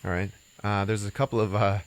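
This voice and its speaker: Deep-voiced man rambling through a movie recap. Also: level tone, fast talker, smooth. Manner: rambling, lots of "you know" and "uh", casual swearing. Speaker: podcast host.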